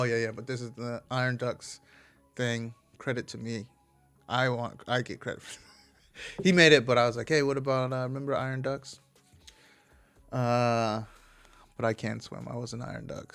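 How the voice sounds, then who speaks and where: A man's voice: mid-range voice, creaky, fairly bright tone. A man hosting a casual solo podcast, rambling from tangent to tangent and swearing freely. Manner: rambling, profane, digressive. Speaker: podcast host.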